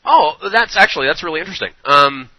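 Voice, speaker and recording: A man's voice: on the high side, lively intonation, quick pace, pushed and bright, no echo, poor audio. A man hosting an interview, asking long rambling questions with fillers. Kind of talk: casual interview.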